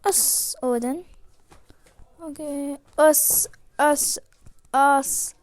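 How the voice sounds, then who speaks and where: A woman playing a video game, reacting with frequent excited exclamations and gasps. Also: sits high, slow. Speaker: game player. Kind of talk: gaming commentary.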